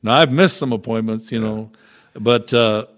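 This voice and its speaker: A man's voice: lowish voice, moderate pace, fairly bright tone. This is a middle-aged man speaking as a guest in a casual interview. He tells his stories in a folksy way and chuckles often as he talks. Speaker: guest, trucker chaplain.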